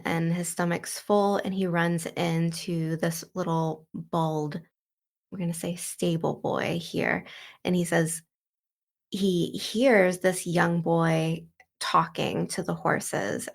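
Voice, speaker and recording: A woman's voice: fairly low pitch, gravelly. A woman hosting a book walkthrough, retelling the story in a loose, chatty way full of "like" and "you know.". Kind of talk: casual book commentary and retelling.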